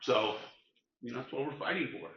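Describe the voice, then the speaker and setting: A man's voice: mid-range voice, animated, a little fast, very noisy. An older man speaking earnestly as a panelist at a community event, rallying the room. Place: meeting room. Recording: roomy, dull event recording.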